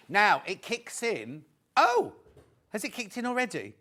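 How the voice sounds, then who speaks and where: A chatty man hosts a live shopping broadcast from a TV studio. His voice sits a little higher than most men's. He jokes with viewers and keeps pushing the deals. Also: wildly swooping pitch, unhurried, pushed and bright. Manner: chatty, jokey, pushes deals, reads viewer messages. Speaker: shopping channel presenter. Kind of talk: live sales presentation.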